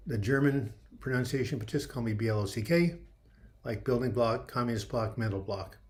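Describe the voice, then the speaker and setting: A man's voice: medium pitch, normal speed. A man in his seventies hosting a casual livestream, rambling and joking as he greets viewers by name, his throat a little dry. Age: 70s. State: dry throat with occasional coughing. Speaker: livestream host.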